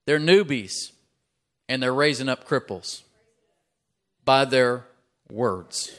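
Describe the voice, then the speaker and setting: Emphatic male preacher telling stories. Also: takes it slowly. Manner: rising to emphatic, loud peaks; acts out quoted characters in a higher voice. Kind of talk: sermon with storytelling.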